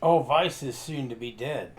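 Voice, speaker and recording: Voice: medium pitch, moderate pace, rough recording. A player in a tabletop game who speaks firmly in character but stumbles on words.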